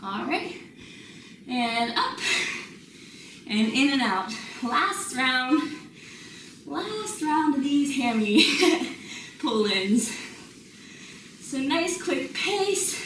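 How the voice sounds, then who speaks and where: A fitness instructor leads a home workout, slightly out of breath, upbeat, and laughing as she counts down reps. Her voice is high-pitched and fairly bright. The mic sits at a distance, making the recording roomy and noisy.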